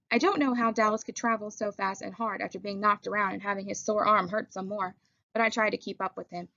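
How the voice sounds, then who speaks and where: An audiobook reader narrates a novel in first person, steady and measured. Her mid-pitched voice is slightly gravelly, and the recording is dry, a little dull, with no room sound.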